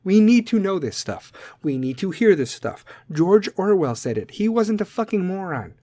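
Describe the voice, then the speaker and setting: A man hosting a segment, ranting bluntly and aggressively at listeners and swearing constantly, his volume swinging between loud and soft. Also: high-pitched, sing-song, normal speed. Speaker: podcast segment host. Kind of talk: profane rant to listeners.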